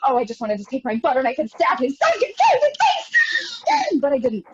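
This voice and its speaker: Over a dull, lo-fi video call, a young actor performs an anxious, rambling monologue as a neurotic, self-pitying wife. Her voice sits high and swings hugely in pitch, moving fairly quickly in a heavily acted delivery. Every so often she breaks into shouts that sound close to tears.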